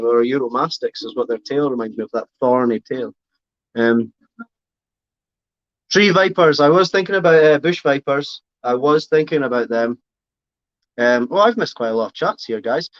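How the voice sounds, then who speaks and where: A man's voice: a little high, dry recording. Chatty man, muffled live stream. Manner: rambling, self-correcting, chatty. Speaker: reptile keeper streaming live. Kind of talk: casual live-stream chat reading comments.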